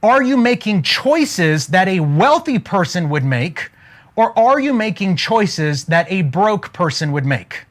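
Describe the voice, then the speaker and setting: A man around forty giving an energetic motivational talk, throwing rhetorical questions at his listeners. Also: high-pitched, a little slow. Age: 40s. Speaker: motivational speaker.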